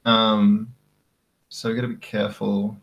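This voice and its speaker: A man's voice: on the low side, little pitch movement, unhurried, vocal fry, fairly bright tone, slightly rough, highs cut off. An Australian man talking casually while coding on a stream, laid-back and laughing often, walking through code with lots of fillers. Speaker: guest coding helper. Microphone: remote call audio.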